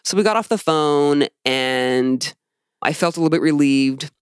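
A woman's voice: low voice, lively intonation, unhurried, clean tone, dry recording, studio quality. A woman co-hosting a podcast, telling personal stories in a heated, emphatic way. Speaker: podcast co-host. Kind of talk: casual chat.

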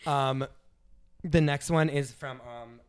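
A man's voice: mid-range voice, fairly even intonation, slow, clear, resonant tone. A man hosting a casual podcast chat, talking with lots of filler words. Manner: chatty, heavy use of filler words. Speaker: podcast host.

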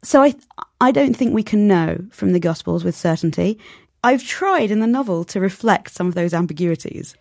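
A woman's voice: medium pitch, lively intonation, moderate pace, gravelly, a little mellow, dry recording, studio quality. A woman, a novelist, talking animatedly as an interview guest and acting out quoted voices. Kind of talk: conversational interview.

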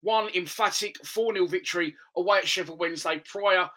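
A man's voice: high-pitched, fairly quick, sharp tone, poor audio. A man hosting a football podcast, giving an opinionated, conversational fan's preview of the next match. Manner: opinionated, conversational fan analysis.

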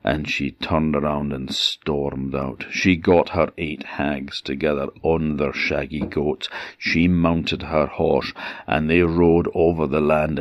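A man's voice: very deep voice, no room sound, studio quality. A male storyteller from the Orkney Islands telling a folk tale unhurriedly and expressively, repeating words for effect. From Orkney Islands, Scotland.

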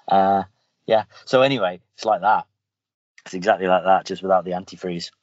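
A low-voiced man hosts a podcast, chatting casually and rambling through stories with plenty of restarts. He talks a little fast with fairly even intonation, and there's no room sound, though the lo-fi recording is dull and carries faint music.

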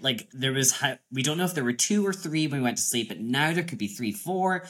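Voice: mid-range voice, animated, fairly quick, fairly bright tone. Rambling co-host, casual chat. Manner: rambling, filler-heavy, swears casually, acts out quotes. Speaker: podcast co-host.

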